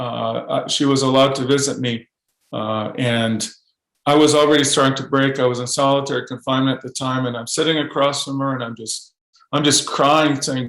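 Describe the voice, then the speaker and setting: A man speaking as a podcast guest, telling his story in an earnest, halting way with frequent restarts. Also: medium pitch, a bit bright, echoey room, rough recording. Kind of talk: podcast interview testimony.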